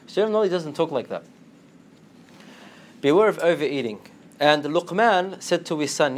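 A man giving an animated Islamic lecture, slipping into Arabic phrases and acting out quotes in a lower voice. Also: moderate pace, long pauses, a little hiss or hum. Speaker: Islamic teacher. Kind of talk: lively lecture to students.

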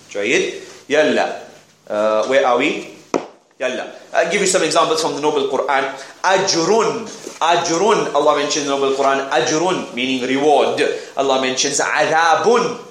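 A man teaching an Arabic class in English, brisk and joking, sprinkling Arabic words as he corrects students. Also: on the high side, a bit bright, echoey room, slight background noise, poor audio. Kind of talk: classroom lesson, explaining and correcting.

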